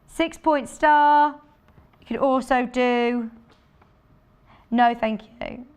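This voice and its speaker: A woman's voice: a little high, fairly even intonation, drawn-out words, clean tone. Chatty woman demonstrating sewing products. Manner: chatty and enthusiastic, thinking aloud while demonstrating. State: out of breath. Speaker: shopping channel presenter. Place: TV studio.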